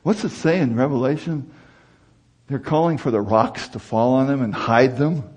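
A man's voice: mid-range voice, normal speed, a little mellow, breathy edge. A middle-aged man preaching a sermon in a conversational way that climbs to emphatic peaks.

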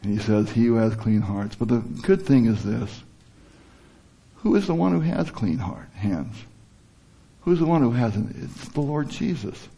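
A man's voice: medium pitch, very animated, a little slow, creaky, mellow, husky. A man giving an informal sermon, talking conversationally and stopping to rephrase as he quotes scripture. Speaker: preacher.

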